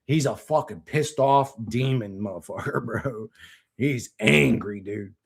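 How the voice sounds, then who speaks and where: A man's voice: mid-range voice, unhurried, darkish tone. A man rambling casually to his stream chat, swearing and laughing often. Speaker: channel host.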